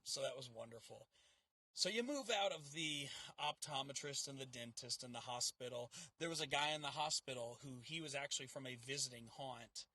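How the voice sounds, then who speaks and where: A man's voice: medium pitch, pushed and bright. A man with a Southern US accent, co-hosting a casual chat and animatedly acting out quotes as he tells stories. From Southern United States. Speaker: haunt reviewer co-host.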